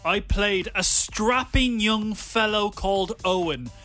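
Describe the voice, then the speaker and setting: High bright teasing co-host. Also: male voice, slow, soft background music. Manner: teasing, playful. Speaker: radio show co-host. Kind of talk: casual radio chat.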